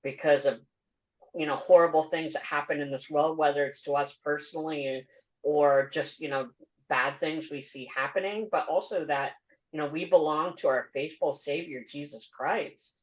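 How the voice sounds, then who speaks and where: A woman hosting a podcast interview, earnest and measured as she asks questions and comments. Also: sits low. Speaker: podcast host. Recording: dull lo-fi audio.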